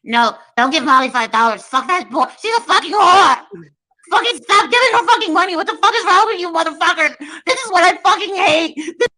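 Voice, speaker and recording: A woman's voice: medium pitch, fairly even intonation, fast, pushed and bright, no echo, low-quality recording. A woman doing a mocking impression of a spiteful, foul-mouthed, bragging female streamer. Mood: screaming. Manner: crude, swearing constantly, taunting.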